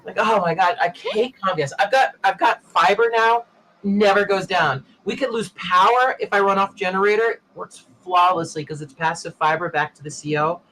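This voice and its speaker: High, bright-voiced man telling a story. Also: fairly quick, few pauses, a little hiss or hum, low-quality recording. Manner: animated anecdote teller, acting out other people's lines. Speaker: show host. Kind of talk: casual chat, storytelling.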